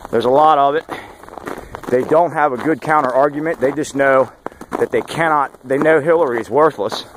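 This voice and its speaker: Late-40s man, mid-pitched, talking outdoors on a walk in a blunt, sarcastic, opinionated vlog update, with clear road noise behind him. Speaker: campaign volunteer vlogger. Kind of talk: casual spoken vlog update. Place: outdoors on a morning hike. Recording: outdoor noise with passing traffic.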